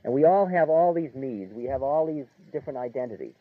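A man giving an informal spiritual lecture in a relaxed, conversational way, chuckling and filling his talk with "like" and "you know.". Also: medium pitch, brisk, dry recording. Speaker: spiritual teacher. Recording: tinny narrow-band dry recording.

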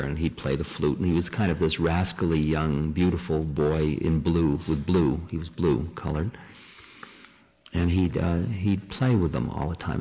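Low-voiced male teacher, relaxed, conversational spiritual talk. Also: breathy edge, long reverb tail. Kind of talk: casual spiritual talk with readings.

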